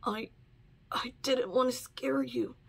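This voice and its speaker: A woman's voice: medium pitch, monotone, normal speed, a little mellow, pitched below the performer's own voice, natural voice. Woman voicing a wounded, breathless boy hero. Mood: weak. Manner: weak, breathy, whispering. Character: wounded young male hero, weak and breathless.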